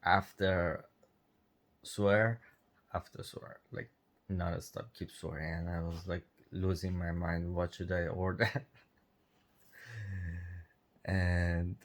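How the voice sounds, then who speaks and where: A man's voice: low voice, flat delivery, slow pace, long pauses. A man telling a story in a casual chat, chuckling between lines and speaking English with non-native grammar. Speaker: vlogger.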